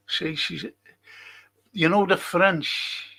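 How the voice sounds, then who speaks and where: Slow-talking gravelly man hosting a stream. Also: high-pitched, steady tone, pushed and bright. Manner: chatty and jokey, greeting viewers by name. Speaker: historian hosting a live stream. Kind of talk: casual live-stream chat.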